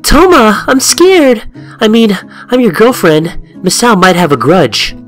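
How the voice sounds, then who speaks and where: A man voicing a timid, clingy teenage schoolgirl in a horror game, in a whiny, pleading falsetto. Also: big pitch swings, a little slow, a bit bright, faint music behind, exaggerated voice. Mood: scared clingy. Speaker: game character.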